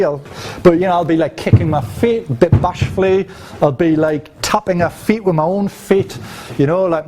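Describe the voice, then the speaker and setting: A man's voice: a little high, a little mellow, slight background noise. A man teaching a casual, profane seminar to a live audience, peppering his talk with "right?" and demonstrating as he speaks. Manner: loose, chatty and profane, with frequent "right?" tags and physical demonstrations. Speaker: dating coach teaching a seminar.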